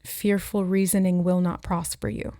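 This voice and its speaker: With a lowish, dark-toned voice and flat delivery, a woman works through an intuitive tarot reading for the camera. She thinks out loud at a normal pace and relays each message as it arrives. Studio-quality audio, no echo.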